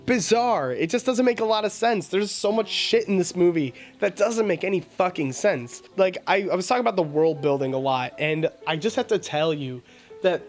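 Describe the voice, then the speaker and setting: A man's voice: high-pitched, normal speed, soft background music. A man hosting a podcast in a casual film review rant, profane, exasperated and mocking. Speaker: podcast host.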